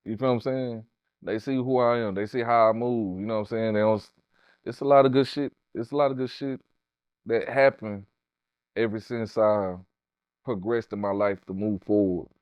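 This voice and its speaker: Man, middle-aged, slangy and animated, dry, dull lo-fi sound. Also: on the low side, normal speed, smooth, no echo. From Houston, Texas. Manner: profane, animated, street slang. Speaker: guest, tattoo artist. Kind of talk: casual storytelling interview.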